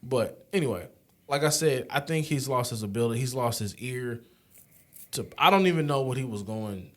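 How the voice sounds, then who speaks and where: A man's voice: medium pitch, animated, normal speed, fairly bright tone. Blunt man reviewing an album. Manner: blunt, repeats himself while telling a story. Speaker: podcast co-host. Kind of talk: casual album review chat.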